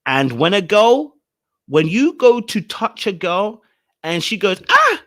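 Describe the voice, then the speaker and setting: Brief: male reaction host, expressive, a bit high-pitched, keeps repeating lines. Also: slow. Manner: animated, exclaiming, repeats phrases. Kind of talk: reacting to a reality show.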